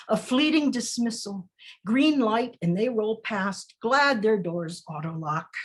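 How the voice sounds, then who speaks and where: A woman poet reading her poems aloud over a video call in a slow, deliberate recitation with measured pauses. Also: medium pitch. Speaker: featured poet. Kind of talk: poetry reading.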